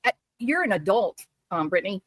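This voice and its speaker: A woman's voice: mid-range voice, sing-song, brisk, a bit bright, slightly rough, dry recording. A woman giving heated commentary as a streamer, scolding and repeating herself for emphasis.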